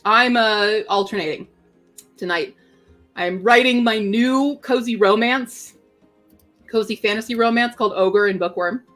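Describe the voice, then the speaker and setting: A woman's voice: on the high side, measured pace, fairly bright tone, soft background music. A woman hosting a casual writing-sprint livestream from home, chatting playfully and talking to her pet bird. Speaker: writing sprint stream host.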